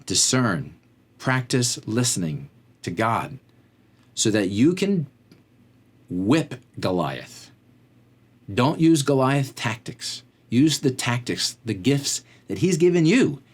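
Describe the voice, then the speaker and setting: A man's voice: medium pitch, sing-song, slow, husky. A man hosting a faith-based motivational talk, conversational and rambling, often drifting off on tangents. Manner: conversational, fills with "like". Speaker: podcast host.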